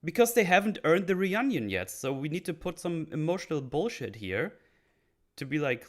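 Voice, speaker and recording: A man talking casually on a podcast, breaking down a TV episode, animated and swearing often. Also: on the high side, moderate pace. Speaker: podcast host. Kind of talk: casual show breakdown chat.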